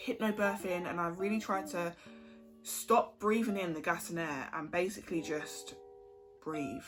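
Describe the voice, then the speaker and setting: A young woman telling her story in a frank, chatty way, swearing casually. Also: lowish voice. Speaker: vlogger. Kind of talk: candid storytime chat. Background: background music.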